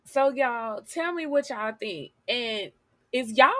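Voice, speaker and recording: Woman vlogger, sassy and blunt, bright voice, dry close sound. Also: fairly high pitch, animated, slow, no room sound. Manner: sassy, blunt, talks straight to viewers. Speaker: news commentary vlogger. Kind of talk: casual commentary reading news articles aloud.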